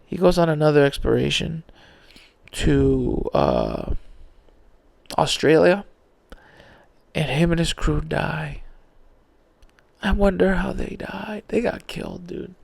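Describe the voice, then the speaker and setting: A man's voice: a little high, very animated, takes it slowly, vocal fry, long pauses, darkish tone. A tired man hosting a podcast alone, rambling in casual slang about conspiracy theories, yawning as he talks. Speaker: podcast host.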